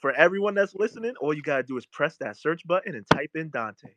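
A man's voice: fairly high pitch, lively intonation, fast talker, a crowd in the background. A man arguing insistently and profanely as a panelist in a casual chat. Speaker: panelist in a fan audio space.

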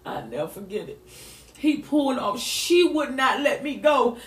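Animated high-voiced woman telling a story. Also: takes it slowly, reverberant. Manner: lively, animated retelling with voiced quotes. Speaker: mother telling her story. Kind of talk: emotional storytelling.

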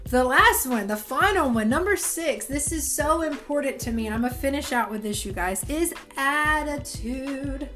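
A woman's voice: high voice, lively intonation, normal speed, hardly any pauses, fairly bright tone, faint music behind. A woman in her thirties giving an emphatic, preachy Christian motivational talk, speaking straight to her listeners. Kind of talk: casual motivational talk to camera.

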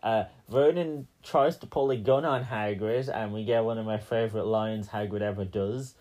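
A man's voice: on the low side, fairly even intonation, moderate pace, darkish tone. A man co-hosting a casual podcast, recapping a film in a joking, rambling way with lots of fillers. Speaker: podcast co-host.

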